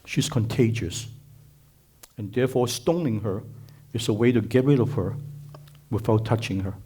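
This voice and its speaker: Mellow-voiced man preaching emphatically. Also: lowish voice, normal speed, breathy edge. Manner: emphatic, repetitive preaching with rhetorical questions. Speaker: speaker at a conference. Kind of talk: sermon.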